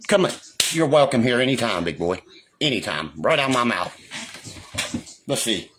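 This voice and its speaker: A man's voice: mid-range voice, sing-song, normal speed, long pauses, noisy background. A man ranting angrily on a livestream, swearing constantly and taunting his critics. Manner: profane, combative, taunting. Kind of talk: angry livestream rant.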